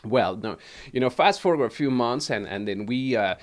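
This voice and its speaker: A man's voice: medium pitch, animated, normal speed. A man from Mexico with a Mexican Spanish accent, hosting a wellness livestream and telling a personal story casually, laughing often and repeating words.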